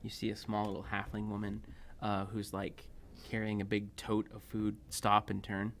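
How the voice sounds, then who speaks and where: Low-voiced man game master. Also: completely flat delivery, normal speed, creaky, a little hiss or hum. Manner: loose, rambling narration with fillers. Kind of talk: narrating a tabletop game.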